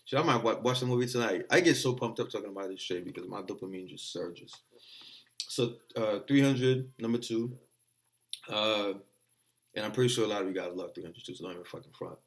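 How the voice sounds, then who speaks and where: A young man vlogging in a casual chat, rambling and excitable, swearing often. English is not his first language. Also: fairly low pitch, brisk.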